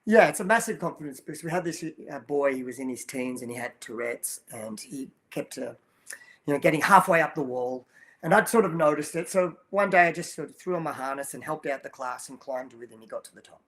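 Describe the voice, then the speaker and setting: A man's voice: on the high side, expressive, fairly quick, fairly bright tone. A man in his sixties, a coach guest, telling stories in an earnest, casual way with frequent restarts. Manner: storytelling, earnest, many restarts and you-knows. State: choked up while telling a story. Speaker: guest, children's movement program coach. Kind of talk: casual interview talk.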